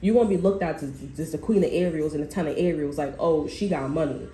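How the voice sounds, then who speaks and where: A woman's voice: deep voice, quick pace, mellow. A woman doing a casual tarot reading to camera, talking bluntly and with plenty of swearing and fillers. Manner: blunt and profane, lots of fillers. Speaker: tarot reader. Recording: roomy echo, faint background noise.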